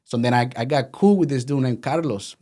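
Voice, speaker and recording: A man's voice: mid-range voice, brisk. Venezuelan-accented man telling his story. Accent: Venezuelan Spanish. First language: Spanish. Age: 30s. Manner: animated, acts out quoted voices. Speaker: guest. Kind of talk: casual storytelling interview.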